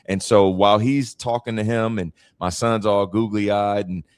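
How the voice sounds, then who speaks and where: Deep-voiced man telling stories animatedly. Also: unhurried, clean tone, no room sound. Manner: animated storyteller, acts out quoted voices. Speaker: guest speaker and author. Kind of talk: storytelling interview answer.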